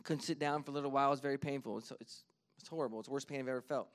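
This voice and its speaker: A man in his thirties, a pastor preaching a sermon, earnest, shifting from quiet storytelling to emphatic points and reading scripture slowly. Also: medium pitch, steady tone. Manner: reads scripture slowly and deliberately.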